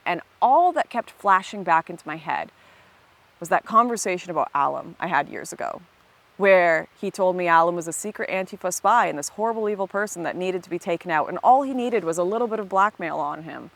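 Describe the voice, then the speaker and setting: A woman's voice: lowish voice, animated, brisk, gravelly, a bit bright. A woman, a former political activist, telling her own story in an earnest, emphatic way with frequent restarts. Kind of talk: personal storytelling monologue.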